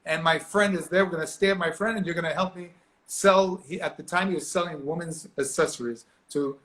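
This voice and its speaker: Animated man telling a story. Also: a little high, a little fast. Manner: animated, acts out quoted voices, laughs often. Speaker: actor guest. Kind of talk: storytelling interview.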